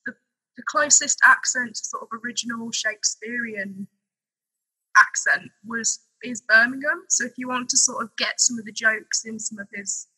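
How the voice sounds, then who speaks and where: Woman, podcast guest, chatty, very bright sharp tone, husky, dry close sound. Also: fairly high pitch, moderate pace, no room sound, low-quality recording. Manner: chatty, laughing easily. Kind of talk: casual chat.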